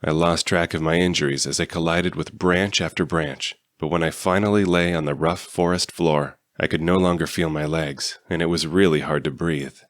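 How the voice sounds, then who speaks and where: A man reading a fan-written novel aloud in steady first-person narration. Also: rumbling low, normal speed, few pauses, no room sound, clean studio sound. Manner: steady storytelling. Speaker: audiobook reader.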